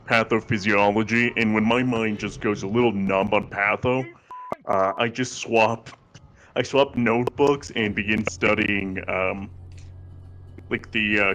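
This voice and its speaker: A man co-hosting a livestream, talking casually and haltingly with many fillers. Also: lowish voice, steady tone, a bit bright, a little hiss or hum. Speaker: stream co-host and student.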